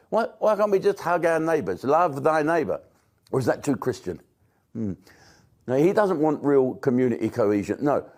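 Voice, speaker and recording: An older man from Britain delivers a profane, mocking rant with a comedian's timing. His voice sits mellow and dark, never sharp, and he leans on sarcasm and swearing to make his points. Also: mid-range voice. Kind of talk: profane stand-up style rant.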